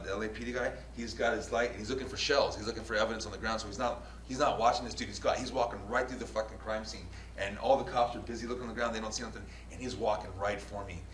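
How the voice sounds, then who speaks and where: A man hosting a show, telling a story in a casual, profane and animated way. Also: lowish voice, fast talker, few pauses, slight background noise. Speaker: show host and news videographer.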